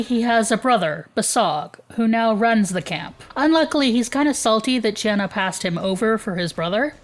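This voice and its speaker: A woman co-hosting a podcast, chatting casually, laughing often and reading an episode summary. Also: a little high. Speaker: podcast co-host.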